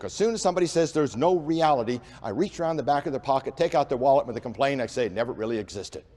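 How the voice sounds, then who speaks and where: A man giving an emphatic preaching lecture to an audience, talking in long unbroken runs with few breaths and slowing down on key points. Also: high voice. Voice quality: says he has a speech impediment and talks without pausing for breath. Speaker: creationist speaker. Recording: long hall reverb.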